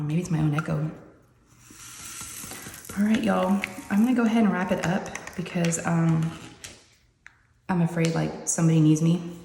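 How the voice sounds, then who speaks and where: This woman's low, dark voice has vocal fry. Hosting a crafting channel, she rambles to viewers in a chatty, meandering manner and says "y'all," talking from her craft room upstairs with the door shut. The echoey room adds long reverb, with faint noise in the background.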